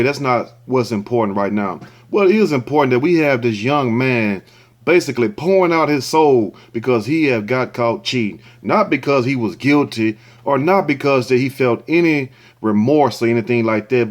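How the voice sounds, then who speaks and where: A man hosting casual video commentary, talking in a rambling, blunt, folksy way. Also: mid-range voice. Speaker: host.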